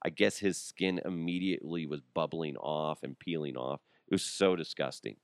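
A man's voice: rumbling low, moderate pace, no room sound, clean studio sound. A young adult man hosting a podcast, riffing and joking in a casual comedic monologue, often laughing and putting on voices. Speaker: podcast host.

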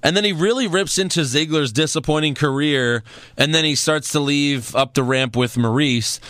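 A man's voice: a little high, normal speed, a bit bright, dry recording, clean studio sound. A man co-hosting a wrestling podcast, recapping shows in casual, sarcastic chat and often laughing.

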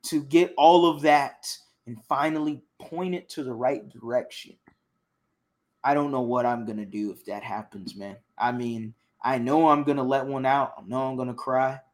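Young man, from Houston, excitable, passionate, casual sports talk, mid pitch. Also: moderate pace. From Houston, Texas. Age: young adult. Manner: passionate, excitable, repeats himself. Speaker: sports podcast co-host.

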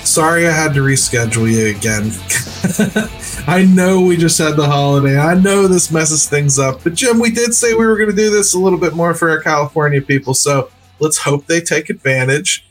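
A man's voice: on the high side, normal speed, faint music behind. A man hosting a sports podcast in casual, joking conversation, laughing often as he talks. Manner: chatty and joking, laughs easily. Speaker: podcast host.

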